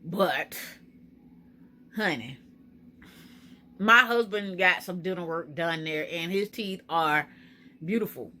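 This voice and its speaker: A woman's voice: lowish voice, takes it slowly, long pauses, bright, forceful tone. A woman from Florida, chatting anxiously and emotionally to her viewers in a casual home vlog. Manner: anxious, emotional, talks to viewers as girl and y'all. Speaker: vlogger. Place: home kitchen.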